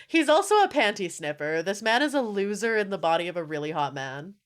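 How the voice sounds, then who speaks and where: A young woman streaming and chatting casually with her viewers, animated and swearing often, with frequent laughter. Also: mid-range voice, brisk. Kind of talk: casual live-stream chat.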